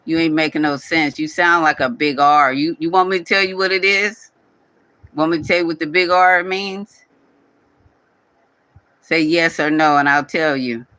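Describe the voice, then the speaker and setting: A man rants at a commenter on his own channel. He talks in a repetitive, scolding way. His voice is bright and slightly high, recorded close and dry with no room sound. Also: steady tone, normal speed, clean tone, dry recording, poor audio. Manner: scolding, repetitive, speaks directly to viewer. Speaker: channel owner addressing a commenter. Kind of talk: casual scolding vlog rant.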